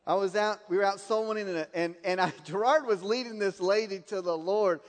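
A man's voice: high-pitched, brisk, in a large hall. A man preaching a sermon, telling personal stories and laughing at his own anecdotes.

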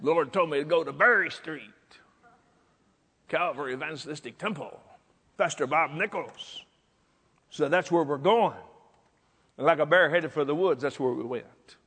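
An older male pastor preaches with emphatic, repetitive force. His voice is high, bright and lively, and it rings out with a long reverb. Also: measured pace, pauses often, husky. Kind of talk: sermon.

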